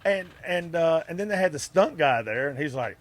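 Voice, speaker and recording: Man, middle-aged, slightly high voice, anecdotal guest who laughs a lot. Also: expressive, normal speed. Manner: laughs through his stories, acts out other people's lines. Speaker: interview guest, wrestler and actor. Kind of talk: casual anecdotal storytelling. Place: outdoor music festival grounds.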